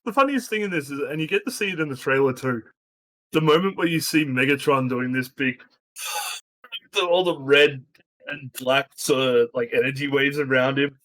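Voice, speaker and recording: Male podcast co-host, tense bright timbre, stammering casual recap. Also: medium pitch, moderate pace, rough recording. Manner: stammering restarts, laughing asides. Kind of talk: casual spoiler podcast chat.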